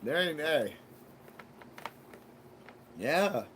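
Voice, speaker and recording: A man's voice: on the high side, expressive, extremely slow, fairly bright tone, a little hiss or hum. A man hosting a live stream, rambling through a casual monologue with crude jokes and heavy swearing. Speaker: livestream host.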